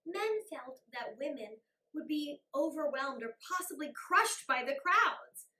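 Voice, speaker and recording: A woman hosting a casual storytelling show over cocktails, animated and irreverent. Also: high voice, unhurried. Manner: animated and irreverent, acting out characters with swearing. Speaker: host. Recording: echoey room, a bit far from the mic.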